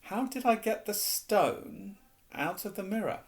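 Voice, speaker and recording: A man's voice: high-pitched, lively intonation, unhurried, voice pushed up. An earnest young boy wizard with a raised, eager voice, as a man reads him aloud. He pleads and asks politely in a storybook telling.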